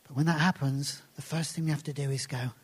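Man preaching with hushed, deliberate emphasis. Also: on the high side, fairly even intonation, husky. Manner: deliberate, dropping to soft hushed phrases for emphasis. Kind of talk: sermon with scripture readings.

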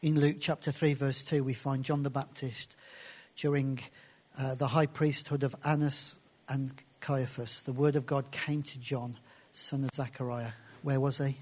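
A man with a medium-pitched voice and little pitch movement preaches a sermon and reads scripture aloud. For emphasis, he slows down and drops into soft, hushed phrases.

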